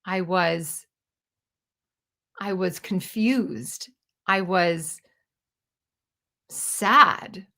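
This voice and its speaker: This Canadian stage performer and storyteller, a woman in her fifties, has a fairly low, pushed and bright voice with vocal fry, drawn-out words and long pauses. She works through a reflective personal monologue in an earnest, searching and self-questioning way.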